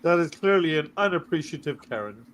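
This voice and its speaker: A man's voice: fairly high pitch, animated, brisk. A man bantering as a co-host in a casual show, joking and teasing his friends. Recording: loud crowd noise behind.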